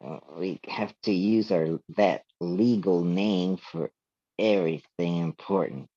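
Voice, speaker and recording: A man co-hosting a casual talk show, speaking in a hesitant, halting way with frequent restarts. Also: sits low, dark tone, dull audio. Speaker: co-host. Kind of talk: casual philosophical chat.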